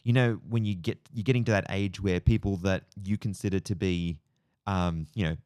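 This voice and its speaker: Low-pitched and a little mellow, this Australian man in his forties keeps a fairly even intonation and moderate pace as he co-hosts a podcast. He rambles reflectively through a long story in casual chat, filler-heavy, with a clean tone and studio-quality sound free of room noise.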